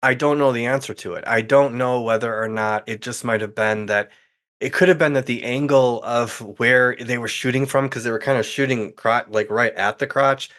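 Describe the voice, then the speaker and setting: Guy on a podcast as a guest, candid, kinda thinking out loud, mid-pitched voice. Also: fairly even intonation, moderate pace. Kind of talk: casual chat.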